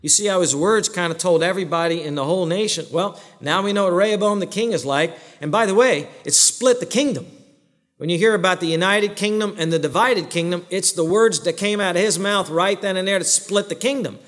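A man's voice: high-pitched, fairly quick, a bit bright. A man preaching a sermon as the pastor, emphatic, throwing questions at the congregation and answering them himself. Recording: long reverb of a large hall.

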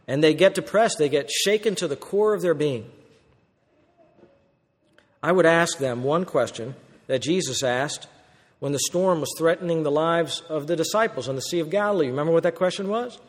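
A man preaching a sermon as pastor, asking rhetorical questions and acting out quoted voices with lively swings from loud to hushed. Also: mid-range voice. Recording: long reverb of a church hall.

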